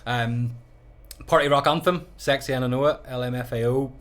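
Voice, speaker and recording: A man's voice: mid-range voice, steady tone, normal speed, a bit bright. Ballymena-accented man, chatty DJ host. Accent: Northern Irish, Ballymena. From Northern Ireland. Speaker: wedding DJ and podcast co-host. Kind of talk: casual chat.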